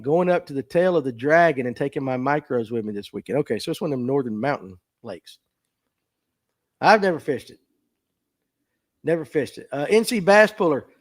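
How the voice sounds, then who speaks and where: A man with a Southern US accent hosting a casual livestream podcast, folksy and self-deprecating as he reads viewer comments. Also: medium pitch. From Southern United States. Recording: phone mic.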